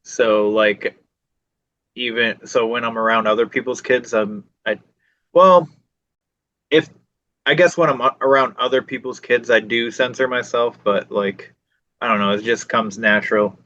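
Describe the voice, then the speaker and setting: A man's voice: mid-range voice, steady tone, measured pace, bright, forceful tone, highs cut off. A middle-aged man guesting on a podcast in a casual, joking chat, swearing freely.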